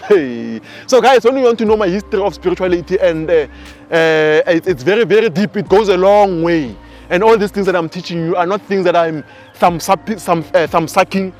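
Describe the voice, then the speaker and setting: A man in his twenties with a South African accent, giving a casual, animated spiritual teaching talk. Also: high voice, fairly quick, soft background music. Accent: South African English. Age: 20s. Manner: animated storyteller.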